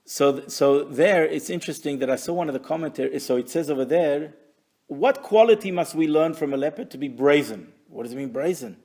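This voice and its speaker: Gravelly-voiced man teaching a Torah lesson. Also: a little high, fairly quick, a little mellow. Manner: translates Hebrew phrases, explains, wry asides.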